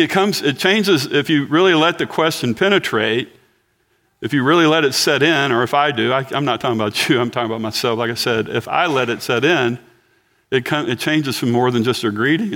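A man's voice: mid-range voice, a little fast, fairly bright tone. A man in his sixties preaching a sermon in a church, chatting and joking with the congregation. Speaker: pastor.

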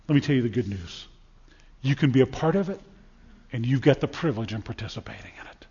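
A man preaching a sermon from the pulpit of a church, emphatic and dramatic, swinging from loud declarations to hushed, solemn lines. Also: medium pitch, lively intonation, fast talker, husky, long reverb tail, muffled recording. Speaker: pastor. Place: church sanctuary.

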